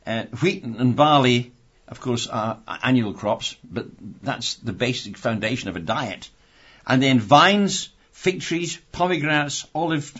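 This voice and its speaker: A man's voice: medium pitch, a bit bright. A man preaching a sermon, reading scripture and adding wry, conversational asides. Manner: conversational and wry, with many restarts. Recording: dull lo-fi recording.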